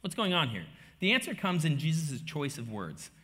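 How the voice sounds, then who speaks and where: A middle-aged man, a pastor preaching a sermon, telling the story with rhetorical questions and swinging between quiet asides and loud emphasis. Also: fairly high pitch, big pitch swings, moderate pace.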